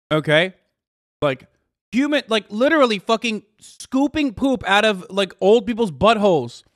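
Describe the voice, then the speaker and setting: A man's voice: high-pitched, fairly bright tone, dry recording, studio quality. A man reacting to clips in casual commentary, profane, sarcastic and exasperated.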